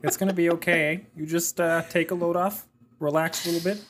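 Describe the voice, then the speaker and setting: A calm, reserved Canadian fellow with a thick put-on Canadian accent, as a podcast host puts him on, speaking slowly and soothingly. His voice is a touch higher than a plain man's, and he stays easygoing and folksy. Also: a little hiss or hum, close to an everyday voice. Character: laid-back, reserved Canadian man who keeps saying bud. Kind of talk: comic impression on a podcast.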